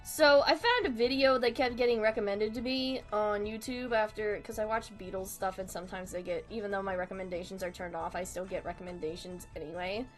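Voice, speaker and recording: A woman's voice: medium pitch, fairly even intonation, brisk, few pauses, soft background music. A young woman chatting casually on a live stream while drawing, swearing freely and laughing through her sentences. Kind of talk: casual livestream chat.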